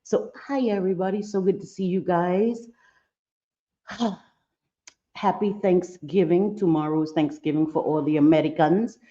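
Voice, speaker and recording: A woman hosts a casual livestream and chats with her viewers, greeting them by name. Her voice sits a little low and sounds mellow and warm. The stream audio is dull and lo-fi. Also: steady tone, normal speed. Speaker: livestream host. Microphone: computer mic on a livestream.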